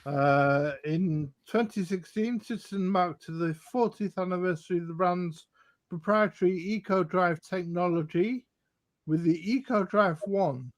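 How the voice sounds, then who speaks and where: High-voiced man reading watch specs. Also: unhurried. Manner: reads figures in a steady listing way. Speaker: watch show host. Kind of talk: casual live-stream chat, reading specs.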